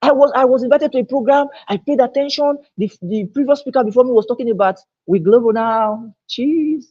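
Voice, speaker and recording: Male teacher, husky voice, emphatic and repetitive, dull-sounding live-stream recording. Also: very high-pitched, quick pace, mellow. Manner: emphatic, repeats key phrases. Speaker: online teacher. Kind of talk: live online lecture. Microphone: own microphone, recorded on camera.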